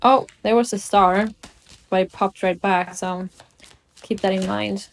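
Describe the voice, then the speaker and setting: A young woman reading tarot cards at home, talking slowly and musingly with many pauses. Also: medium pitch, steady tone, vocal fry. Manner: slow, musing delivery with frequent pauses. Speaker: tarot reader. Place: room at home by a window.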